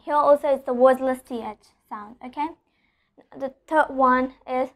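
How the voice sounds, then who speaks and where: High-voiced woman teaching pronunciation. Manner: explanatory, repeats with "okay?", slows down for example sentences. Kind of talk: online English lesson.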